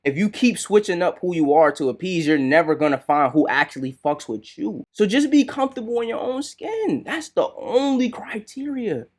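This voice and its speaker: A man hosting a podcast, giving casual commentary in a relaxed, slangy way and often asking "right?". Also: sits high, moderate pace, few pauses. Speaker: podcast host reacting to a clip.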